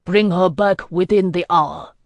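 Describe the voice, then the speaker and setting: A woman narrator lowers into a stern male warlord from a storybook fantasy. He speaks impassively, in measured and formal phrases, and expects to be obeyed. The voice sits dry and close to the mic. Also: no room sound, dull audio. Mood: curt.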